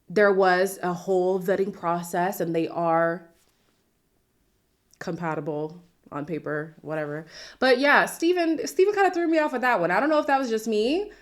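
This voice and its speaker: A woman hosting a reality TV recap, talking casually with incredulous, sassy asides. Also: mid-range voice.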